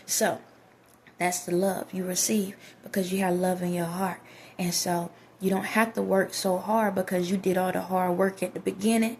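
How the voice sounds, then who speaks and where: Gravelly-voiced woman giving spiritual advice. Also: mid-range voice, darkish tone, a little hiss or hum. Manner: emphatic, repeats herself, preachy. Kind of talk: casual spiritual talk to viewers.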